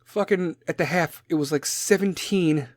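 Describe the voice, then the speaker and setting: A podcast host in his forties with a Chicago accent goes on a profane, rambling, jokey rant, casual in tone. His voice sits on the high side and moves at a normal speed. The audio is studio quality with no room sound.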